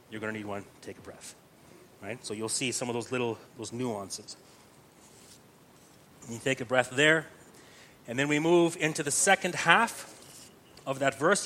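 A man's voice: medium pitch, sharp tone, a little hiss or hum. A man teaching Gregorian chant to a group, explaining patiently step by step and often checking in with "right?".

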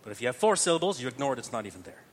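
A man's voice: medium pitch, sing-song, very fast. A man teaching Gregorian chant to a group, explaining patiently step by step and often checking in with "right?".

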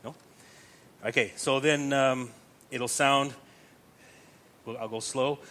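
A man's voice: medium pitch, steady tone, slow, a bit bright. A man teaching Gregorian chant to a group, explaining patiently step by step and often checking in with "right?".

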